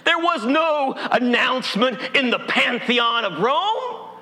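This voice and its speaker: A man's voice: very high voice, sing-song, slow pace, pushed and bright. A male pastor from Appalachia preaching a sermon in a church, folksy and humorous. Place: church sanctuary. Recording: long hall reverb.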